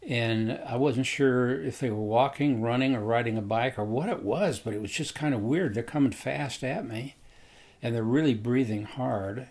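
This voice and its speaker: A man recounting a personal story in a relaxed, conversational way. He rambles a bit and fills gaps with hesitations, in an ordinary mid-range voice. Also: mid-range voice. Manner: unhurried, rambling, with frequent hesitations.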